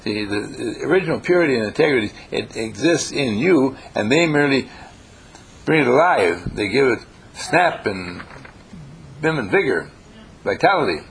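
A man leading a workshop, gently critiquing students' written work with a meandering delivery full of hesitations. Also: mid-range voice, sing-song, moderate pace, a little hiss or hum. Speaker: workshop teacher. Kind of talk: classroom feedback on student writing.

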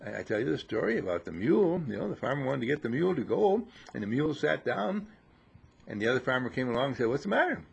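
Male spiritual teacher, gravelly husky voice, lively pitch, teasing and scolding, sermon to disciples. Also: fast talker, dull audio. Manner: teasing, scolding, mocking laughter.

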